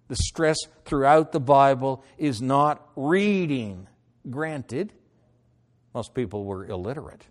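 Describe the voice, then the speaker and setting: A middle-aged man preaching a sermon, moving between loud declarations and hushed, pleading lines. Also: mid-range voice, takes it slowly. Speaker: pastor.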